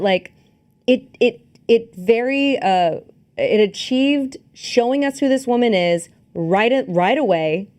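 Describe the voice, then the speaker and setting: A woman's voice: mid-range voice, darkish tone. A woman co-hosting a podcast, recapping a film in casual chat and acting out its scenes. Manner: chatty, acts out scenes and quotes, many fillers and restarts. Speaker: podcast co-host. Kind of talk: casual movie review chat.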